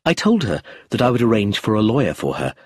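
A man's voice: lowish voice, huge pitch swings, fast talker, darkish tone, husky, no echo, studio quality. A man narrating an audiobook in the first person, telling the story expressively.

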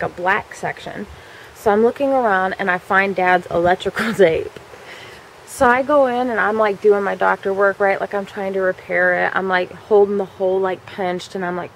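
A woman's voice: mid-range voice, slight background noise, poor audio. A woman vlogger telling a childhood story in a chatty way, full of fillers and swearing freely. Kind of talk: casual storytelling.

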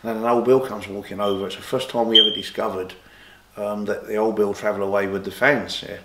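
A man's voice: lowish voice, fairly even intonation, quick pace, roomy sound, very noisy. A man, an interview guest telling long rambling stories with many restarts, livening up when he quotes others. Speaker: interview guest, former boxer and golfer. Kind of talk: casual storytelling interview.

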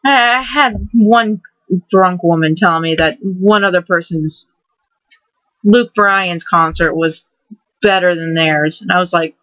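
In a casual vlog monologue, a young woman host rambles excitably, repeating and restarting words. Her mid-range voice goes slowly with many pauses, and the recording is dull, lo-fi, and dry with no room sound.

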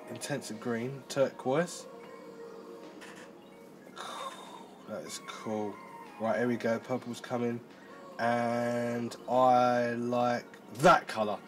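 Male tech reviewer, chatty, mid-range voice, easily amazed, faint background music. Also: medium pitch. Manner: excitable, chatty, thinks aloud. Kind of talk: casual product demo.

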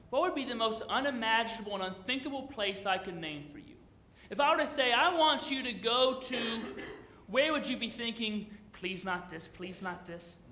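A man's voice: very high-pitched, sharp tone, roomy sound. A man preaching a sermon as pastor, in a conversational, playful way, often putting questions to the congregation.

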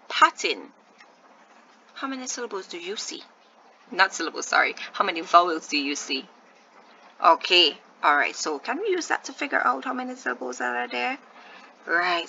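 A woman teacher leads a recorded phonics lesson, sounding out each letter slowly and asking her pupils questions. Her voice is bright and crisp, with a gravelly edge. The recording is dull and lo-fi, with a faint hiss behind her. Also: mid-range voice.

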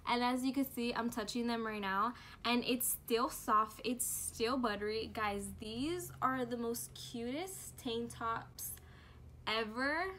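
Chatty, slow-talking young woman vlogger. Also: on the high side, bright, forceful tone, a little hiss or hum. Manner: bubbly, chatty, giggly, lots of fillers and slang. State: out of breath from heat. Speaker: beauty and lifestyle vlogger. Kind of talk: casual product review vlog.

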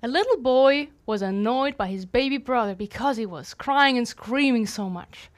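A woman's voice: on the high side, expressive, moderate pace, faint music behind. Earnest woman giving a devotional talk. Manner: earnest and conversational, with light humor. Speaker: missionary devotional speaker.

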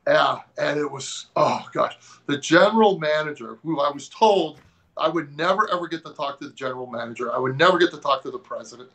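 A man from the Pacific Northwest, a former strength coach, telling animated stories in a casual interview and acting out the people he quotes. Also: fairly high pitch, brisk, vocal fry, rough recording. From Tacoma, Washington.

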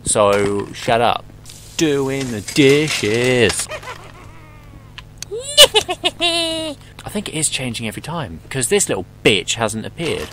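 A man's voice: medium pitch, wildly swooping pitch, takes it slowly, pauses often, noisy background. A young man commentating his horror gameplay, rambling and joking, swearing often and talking back to the game.

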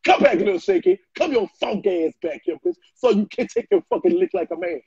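A man doing a loud, flamboyant ranting reaction video, trading in trash talk and frequent shouting. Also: sits high, wildly swooping pitch, a little fast, gravelly, husky, no room sound. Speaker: social media personality. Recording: muffled lo-fi dry recording.

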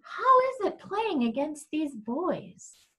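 A woman's voice: sits high, big pitch swings, slow, sharp tone, pitched above the performer's own voice, exaggerated voice. A woman reading aloud, voicing a polite, eager middle-aged mother in a storybook. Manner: polite, encouraging.

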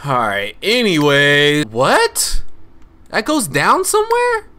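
Young male gaming host, laid-back slangy commentary with excited outbursts, slightly high, bright tone. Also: slow. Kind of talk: casual gameplay commentary.

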